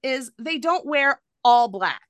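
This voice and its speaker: A woman's voice: sits high, expressive, takes it slowly, no echo. A woman hosting a podcast in casual chat, candid and a little profane, laughing often as she talks. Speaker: podcast host.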